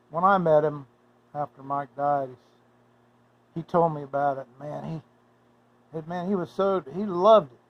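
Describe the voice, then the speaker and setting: A man spins a casual, rambling yarn, full of halts and restarts. His voice sits somewhat high for a man. The recording is dull and lo-fi. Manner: rambling, halting, folksy. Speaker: storyteller. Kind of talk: casual folksy storytelling.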